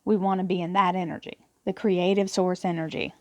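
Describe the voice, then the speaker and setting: A woman's voice: lowish voice, little pitch movement, brisk, dry recording, muffled recording. Earnest woman reading affirmations, dry sound. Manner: earnest, encouraging, repeats words and restarts. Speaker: tarot reader. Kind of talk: spiritual affirmation talk to camera.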